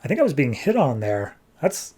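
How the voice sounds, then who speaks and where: A man's voice: medium pitch, sing-song, dark tone, husky. A man playing an earnest female hero leader with an eager, persuasive manner. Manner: eager, persuasive, talks fast.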